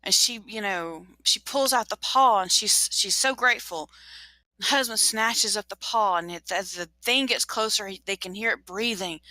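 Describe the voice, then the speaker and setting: Woman game master narrating a ghost story; bright, dry, dramatic. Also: medium pitch, normal speed, no echo, poor audio. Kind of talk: storytelling in a tabletop game session.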